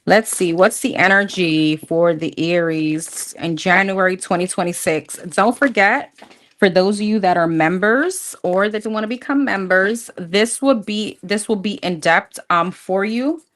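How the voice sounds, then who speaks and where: A woman's voice: mid-range voice, a little slow. A woman doing a live tarot reading, talking bluntly and casually, swearing freely and calling her viewers honey. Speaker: tarot reader.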